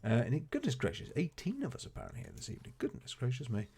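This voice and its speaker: With rapid-fire delivery, huge swings in pitch, and vocal fry, a man's mellow, slightly rough mid-range voice carries his casual live-stream chat. He greets viewers genially while playing a game and likes exclamations such as "goodness gracious."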